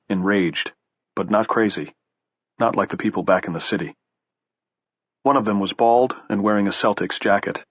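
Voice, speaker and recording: A man narrating a horror audiobook in a steady, measured reading. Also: on the low side, no echo, dull audio.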